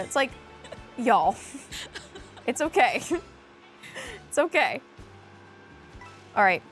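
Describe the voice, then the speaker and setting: This is a woman hosting a game livestream, chatty and excitable as she talks to her chat mid-race. Her voice sits a little high and swings widely up and down. Faint game music plays behind her. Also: slow pace, pauses often. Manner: excitable, self-mocking, chatty with viewers. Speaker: livestream co-host playing a kart racing game. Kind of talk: casual livestream banter.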